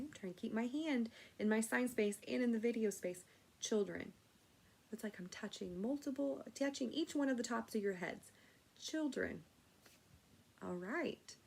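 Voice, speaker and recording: A woman with a slightly husky, breathy voice teaches young children. She talks gently and patiently, explaining each step, at a middle pitch for a woman. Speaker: sign language teacher. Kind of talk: children's lesson.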